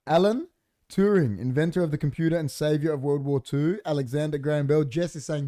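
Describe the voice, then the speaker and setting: A man's voice: a little high, brisk, dark tone, no echo, clean studio sound. A man hosting a casual podcast, telling stories animatedly and swearing freely. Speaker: podcast host.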